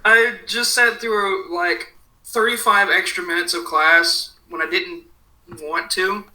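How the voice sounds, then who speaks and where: A man's voice: high voice, fairly even intonation, slow, pushed and bright, slight background noise, low-quality recording. A tired young man chatting as a podcast guest, sarcastic and swearing often, talking over a headset on a call. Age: young adult. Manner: sarcastic, swears a lot, complains wearily. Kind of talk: casual podcast chat.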